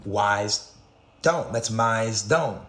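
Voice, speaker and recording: A man's voice: on the low side, drawn-out words, a bit bright, a little hiss or hum. A man in a clip, lecturing earnestly in a rambling stream of word puns. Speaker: conspiracy video speaker. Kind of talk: rambling word-association monologue. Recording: roomy clip played on stream.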